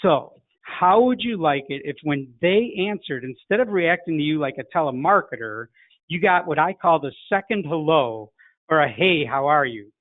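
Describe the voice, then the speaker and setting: A man's voice: a little high, expressive, moderate pace, dry recording. A middle-aged man from Chicago with a Chicago accent, teaching a sales lesson in a direct coaching manner. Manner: direct, coaching, acts out phone greetings. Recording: tinny phone-like dry sound.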